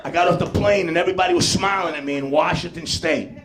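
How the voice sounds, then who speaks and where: A man's voice: sits high, fast talker, fairly bright tone. New York comic, male, brash and foul-mouthed, punchy club set delivery. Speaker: stand-up comedian. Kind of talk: stand-up comedy set. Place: comedy club stage, live audience.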